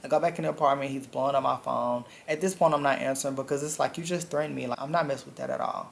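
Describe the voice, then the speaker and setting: A man's voice: mid-range voice, fairly even intonation, fast talker, gravelly, heavy background noise. A man telling a dramatic personal story in a blunt, profane storytime vlog. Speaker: vlogger.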